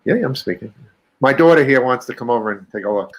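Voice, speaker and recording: A man's voice: mid-range voice, lively intonation, quick pace. A father chatting easily on a live stream panel. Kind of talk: casual live-stream chat.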